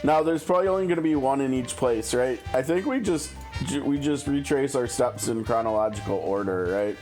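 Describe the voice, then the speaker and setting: A man's voice: medium pitch, brisk, darkish tone. A man chatting casually while streaming a game, musing and thinking aloud. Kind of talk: casual gameplay commentary. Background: game music.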